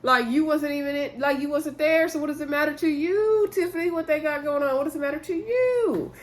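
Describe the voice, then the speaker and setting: A woman hosting a casual reality-show recap vlog, chatty and animated, laughing often and talking straight to her viewers. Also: sits high, fairly quick. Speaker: YouTube reality-show reviewer.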